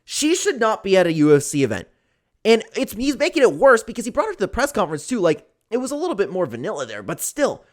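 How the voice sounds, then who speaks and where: A man's voice: sits high, huge pitch swings, fast talker. A young man giving casual, opinionated commentary on fight news, with lots of fillers like "like" and "man".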